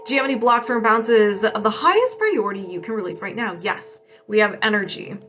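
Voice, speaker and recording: With faint music in the background, a woman energy healer talks quickly in a medium-pitched, somewhat bright voice. Her casual livestream healing session is chatty and upbeat, and she answers her own yes-no questions.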